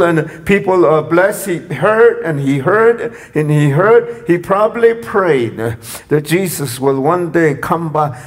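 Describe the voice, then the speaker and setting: A man with a high voice preaches a sermon at an unhurried pace. He repeats his phrases and lifts into loud cries when he quotes. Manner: repetitive, rising to shouts when quoting.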